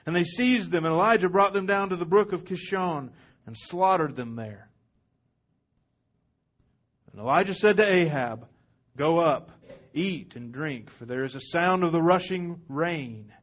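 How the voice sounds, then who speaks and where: A man's voice: on the high side, unhurried, pauses often. A man, a pastor, reading a long scripture passage aloud to his congregation with dramatic rises on the quoted lines. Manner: expressive dramatic reading, rising loud on quotes.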